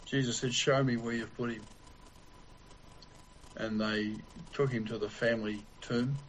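A man preaching a sermon in a slow, deliberate way with long pauses. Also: mid-range voice, steady tone, a little hiss or hum, rough recording.

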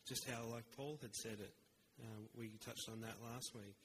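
Man preaching a measured sermon. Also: medium pitch, fairly even intonation, a bit bright, a little hiss or hum, rough recording. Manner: earnest, measured preaching with rhetorical pauses.

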